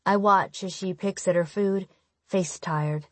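A woman reading a first-person audiobook in a steady, intimate storytelling manner on a close microphone. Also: on the low side, unhurried, no room sound. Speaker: audiobook narrator. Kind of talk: first-person scripted narration.

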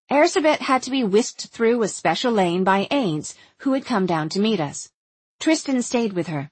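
A woman narrating an audiobook in a wry, observant first-person voice. Her tone is husky and her pitch moves in a lively way, and the recording is close and dry. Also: dry recording. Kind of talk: scripted narration.

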